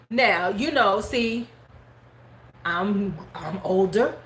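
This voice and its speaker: A middle-aged woman hosting a live stream, casually telling a story in animated fashion, swearing freely and acting out her relatives' words. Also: on the high side, normal speed. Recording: roomy echo, faint background noise.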